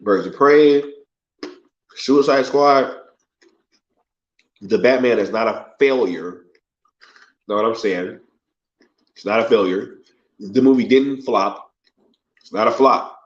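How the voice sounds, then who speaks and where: A man's voice: fairly low pitch, slow, long pauses. A man hosting a casual live stream, reading viewer comments aloud and reacting in a laid-back, slangy way, tagging lines with "yo" and "right?". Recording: muffled lo-fi stream audio.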